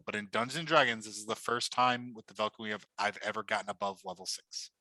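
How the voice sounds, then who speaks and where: A man, a player in a tabletop game, chatting earnestly and haltingly with his group. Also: on the low side, steady tone, sharp tone, dry recording, poor audio. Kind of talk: casual chat.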